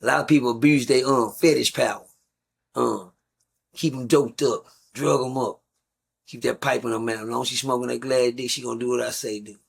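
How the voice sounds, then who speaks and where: A middle-aged man with a gravelly, creaky voice at an ordinary pitch, talking as a guest. He tells long stories in a rambling, blunt style with plenty of profanity and casual asides to his listeners. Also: fairly even intonation, a little fast. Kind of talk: casual storytelling.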